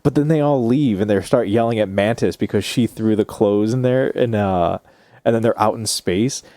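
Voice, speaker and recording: A man's voice: lowish voice, moderate pace, dark tone, no echo. A man co-hosting a podcast, laid-back and profane, quoting movie lines as he recounts scenes. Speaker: podcast co-host. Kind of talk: casual movie chat.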